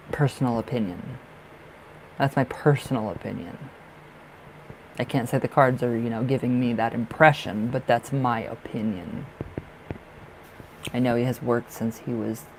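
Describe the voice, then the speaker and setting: A man's voice: mid-range voice, creaky, a little hiss or hum, poor audio. A man giving a live-streamed tarot reading, talking in a rambling, emphatic way with many fillers and blunt, salty language. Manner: blunt, swears freely. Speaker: tarot reader.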